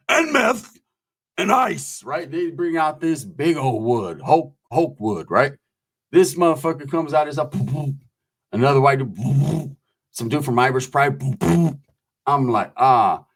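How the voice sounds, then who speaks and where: A man's voice: fairly high pitch, vocal fry. A man telling prison stories in casual, profane street talk, acting out the voices of the people in them. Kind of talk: casual storytelling.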